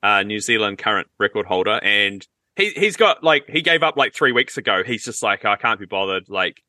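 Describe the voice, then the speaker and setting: An easygoing man in casual podcast chat, recounting his week and slipping in quick jokes. His tone is bright and forceful, recorded dry and close with no room sound. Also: on the low side, big pitch swings, dry recording. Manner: easygoing, quick joking asides. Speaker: podcast co-host.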